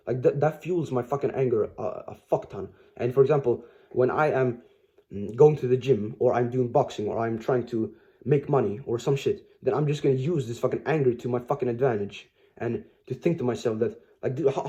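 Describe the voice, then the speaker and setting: Guy ranting to camera, super dark mellow voice, swears a ton, keeps restarting, dull lo-fi sound. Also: medium pitch. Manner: rambling, profane, many restarts and fillers. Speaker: motivational vlogger. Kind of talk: casual monologue to camera.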